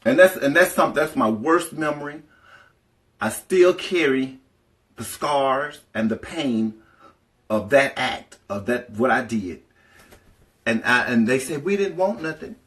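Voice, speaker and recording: A woman telling a personal story in a casual vlog, animated and profane, talking straight to her viewers. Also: a bass voice, measured pace.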